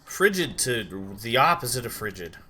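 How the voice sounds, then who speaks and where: Live-streaming while he games, a drowsy young Idaho guy chats aimlessly and bursts out now and then. His mid-range voice swings widely in pitch and comes across strained and bright.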